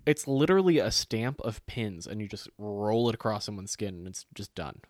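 A man's voice: lowish voice, moderate pace, no echo, clean studio sound. A man co-hosting a casual chat, telling stories with acted-out quotes and plenty of swearing. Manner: animated storytelling, swears freely, acts out quotes.

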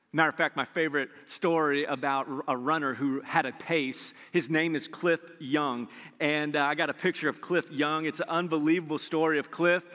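A man preaching a sermon as pastor, animated and acting out his listeners' replies. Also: on the high side, moderate pace, hardly any pauses, in a large hall.

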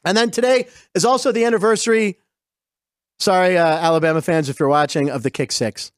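Telling eager, tangent-filled stories over game clips, the middle-aged western Pennsylvania host keeps his sports show lively. Pitched high and moving slightly quickly, his voice comes through at studio quality without echo.

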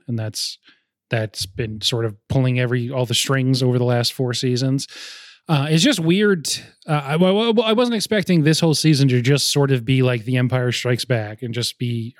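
A man hosting a movie podcast in relaxed chat, rambling along and restarting his sentences. His pitch sits in a middle range, and the sound is dry and close. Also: no room sound. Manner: chatty, rambling, frequent restarts. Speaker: podcast host. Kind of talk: casual chat about movies.

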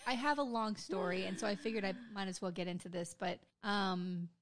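A woman's voice: mid-range voice, brisk, slight background noise. A woman from Florida co-hosting a podcast, chatting casually with frequent swearing and emphatic outbursts. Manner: profane, emphatic, animated. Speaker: podcast co-host. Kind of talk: casual chat.

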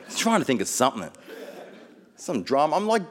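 Man, high-pitched, sermon, storytelling, fervent exhortation. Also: sing-song, measured pace, pauses often, fairly bright tone. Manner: storytelling, playful asides, rising to fervent exhortation. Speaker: preacher. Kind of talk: sermon with personal stories.

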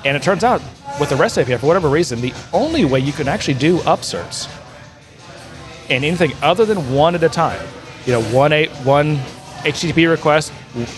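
A man with a fairly high pitch and lively intonation speaks briskly over music. Co-hosting a relaxed technical podcast, this software integration developer rambles and corrects himself, clearly enthusiastic as he explains integration work.

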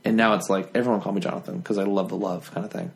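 A man's voice: deep voice, steady tone, racing, vocal fry. A young man hosting a podcast in casual chat, rambling and breaking off mid-thought. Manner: rambling, self-interrupting, whispers asides to listeners. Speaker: podcast host.

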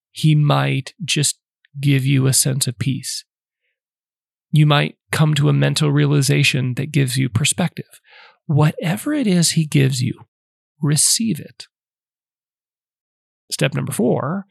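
Man, podcast teacher, casual numbered steps, raspy, fry-heavy, dry close mic. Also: on the high side, dry recording. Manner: conversational, lays out numbered steps, frequent "like". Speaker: podcast host teaching on prayer. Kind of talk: casual instructional talk.

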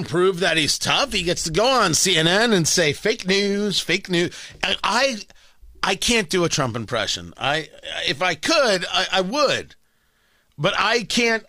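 A man's voice: sits high, bright, forceful tone, no room sound. A man hosting a talk radio show, delivering a brash, sarcastic opinion monologue full of rhetorical questions into a studio microphone.

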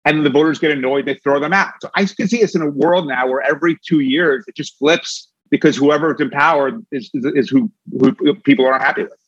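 Fast-talking man with restarts. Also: fairly high pitch, no room sound, highs cut off. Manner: quick, with many restarts. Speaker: guest, former campaign manager. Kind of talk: fast interview talk.

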